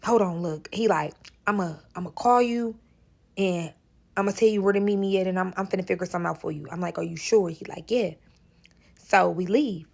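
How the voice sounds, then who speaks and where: A young woman with a St. tells a serialized storytime in an animated, profane way, often addressing listeners as y'all. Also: lowish voice, brisk, gravelly. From St. Louis, Missouri.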